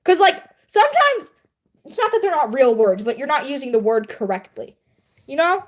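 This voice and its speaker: A woman's voice: high voice, very animated, moderate pace. A young woman livestreaming, chatting casually and laughing at herself while editing her writing. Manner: self-deprecating, chatty, laughs often. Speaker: livestreamer and writer.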